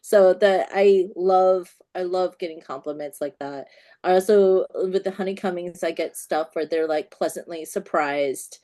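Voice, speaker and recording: Author guest, woman, animated and quick to laugh, casual chat. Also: lowish voice. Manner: animated storyteller, laughs often.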